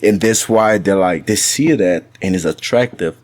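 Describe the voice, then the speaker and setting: A man's voice: deep voice, normal speed, no room sound. A man talking as a podcast guest in a casual chat, earnest, often stammering and restarting his sentences.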